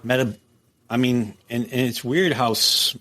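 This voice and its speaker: A man's voice: medium pitch, measured pace. A middle-aged man, a former prison captain, telling stories bluntly and profanely in a casual interview. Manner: blunt, profane, lively storyteller who acts out quotes.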